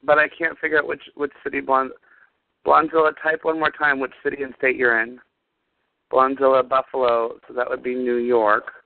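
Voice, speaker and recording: A man hosting a call-in show, brisk and upbeat, relaying listener messages. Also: medium pitch, flat delivery, creaky, dry recording. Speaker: show host. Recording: tinny phone line.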